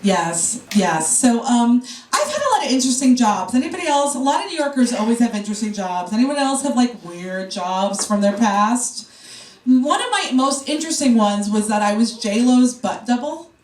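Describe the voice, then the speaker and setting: A woman's voice: a little high, very animated, normal speed, a little mellow. A woman doing a brash, profane stand-up set, teasing the crowd. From New York. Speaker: stand-up comedian. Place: comedy club stage. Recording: roomy club sound from a distance. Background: audience laughter.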